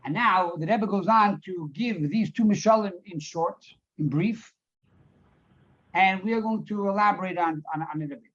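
Rabbi translating and explaining, lo-fi. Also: male voice, high-pitched, moderate pace, fairly bright tone. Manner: reads Hebrew phrases, then translates and elaborates; storytelling, repeats words for emphasis. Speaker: rabbi teacher. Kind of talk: Torah class on a Hasidic discourse. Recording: dull lo-fi recording.

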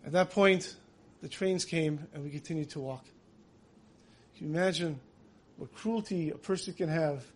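Telling dramatic events with emotion, a man with a high voice preaches in a vivid story style, taking on the voices of those he quotes. His delivery moves from loud emphasis to hushed passages at normal speed, with long pauses.

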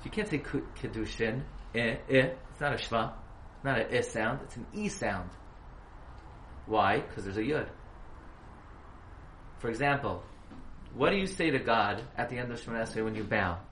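A man's voice: medium pitch, expressive, moderate pace, long pauses, a bit bright. A man giving a halacha class, questioning his students and spelling words out letter by letter. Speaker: Torah teacher. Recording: echoey room, faint hiss.

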